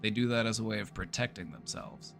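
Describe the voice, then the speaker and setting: A man's voice: lowish voice, expressive, a little fast, vocal fry, fairly bright tone, faint music behind. A therapist chatting casually on a livestream, playful and easygoing, often repeating his phrases and laughing. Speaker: therapist streamer.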